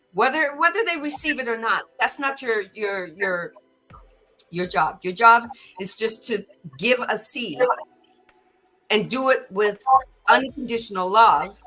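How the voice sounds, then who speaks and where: A woman's voice: on the high side, bright, forceful tone. A middle-aged woman hosting a podcast, giving an earnest spiritual talk and often repeating words as she gathers her thoughts. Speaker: podcast host.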